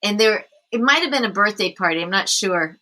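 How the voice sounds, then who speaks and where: A middle-aged woman, a parenting coach, telling a story in a casual interview, animated and often laughing. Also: mid-range voice, brisk, rough recording.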